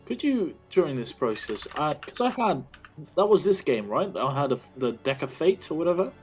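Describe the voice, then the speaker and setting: A man's voice: on the high side, sing-song, normal speed, soft background music. A man playing in a tabletop game over voice chat, talking casually and a little hesitantly. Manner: apologetic, hesitant, with fillers. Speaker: player.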